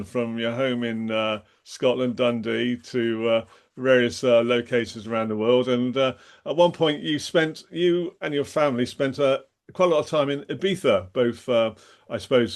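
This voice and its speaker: A man hosting a podcast interview, asking questions with lots of hesitation and fillers. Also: medium pitch. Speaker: podcast host.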